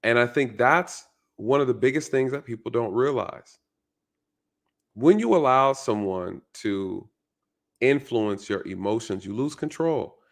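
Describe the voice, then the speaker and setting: A man's voice: medium pitch, lively intonation, a little slow. A male channel host giving a casual, reflective commentary monologue, often repeating his phrases and checking in with "right?".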